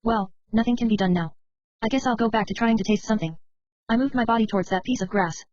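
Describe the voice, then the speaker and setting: A woman reading a novel aloud as first-person narration, in a brisk, steady way of telling an inner monologue. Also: on the high side, no echo. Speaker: audiobook reader. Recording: dry, slightly muffled recording.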